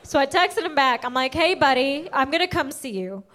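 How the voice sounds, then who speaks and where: A woman's voice: high voice, lively intonation, normal speed, a bit bright. A young adult woman performing a stand-up comedy routine, telling a story and acting out the quotes.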